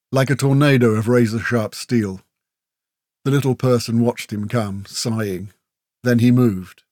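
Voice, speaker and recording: A man narrating a fantasy story with steady, vivid emphasis. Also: mid-range voice, no echo, clean studio sound. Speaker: audiobook narrator. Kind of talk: scripted narration.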